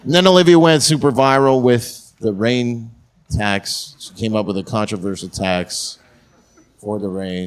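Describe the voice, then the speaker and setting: A man's voice: on the low side, unhurried. A man doing a stand-up set on a comedy stage, rambling through crude punchlines into a handheld mic.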